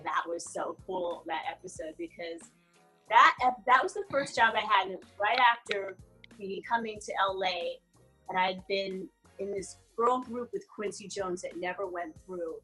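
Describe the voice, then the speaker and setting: Actress guest, female, husky and bright, animated storyteller, faint music bed. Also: medium pitch, poor audio. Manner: laughs often, animated storyteller. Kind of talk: casual interview chat.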